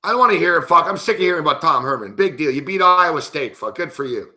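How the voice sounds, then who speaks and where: A man's voice: a little high, animated, fast talker, sharp tone. A man hosting a sports betting show, giving live game commentary in an angry, profane, indignant rant.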